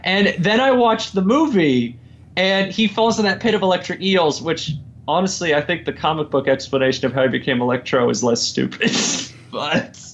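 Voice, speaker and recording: A man in casual podcast chat, ranting about films with lots of energy and laughing as he talks. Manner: animated, laughs often, mimics people in a slow low drawl. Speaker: podcast guest. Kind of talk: casual chat, movie rant. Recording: dull lo-fi audio.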